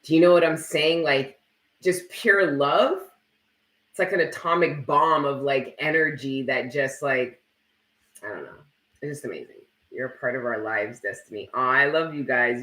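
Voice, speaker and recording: A man with a medium-pitched, bright, forceful voice talks at a normal speed in a reverberant, rough recording. He hosts a tarot live stream, reading viewer comments aloud and chatting in a casual, blunt way, swearing a lot and saying "like" constantly.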